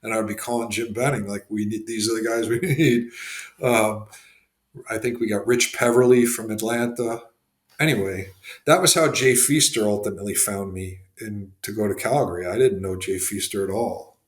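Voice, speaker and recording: A man speaks as a podcast guest, his voice sitting on the low side. He tells long stories in a loose, rambling way, full of fillers and restarts. The room around him has a noticeable echo. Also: normal speed. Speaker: guest, former hockey executive and scout. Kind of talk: casual podcast interview storytelling.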